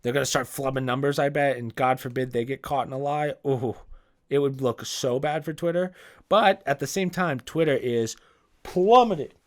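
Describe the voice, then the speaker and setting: A man's voice: medium pitch, normal speed. Young male podcaster riffing solo; loose, profane, rambling, searches for words mid-sentence. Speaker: podcast host. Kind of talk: casual solo podcast commentary.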